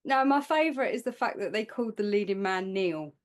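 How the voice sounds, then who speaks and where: A woman's voice: mid-range voice, animated, a little fast, slight background noise. A woman co-hosting a podcast in a casual chat, making dry joking asides. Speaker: podcast co-host.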